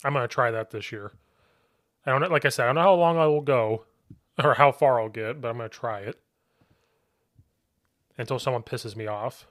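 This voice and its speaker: A football coach talking casually on a podcast, with a voice of ordinary male pitch. He tells animated stories and slips into quoted shouts along the way. The sound is dry, with no room echo. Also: fairly quick, long pauses.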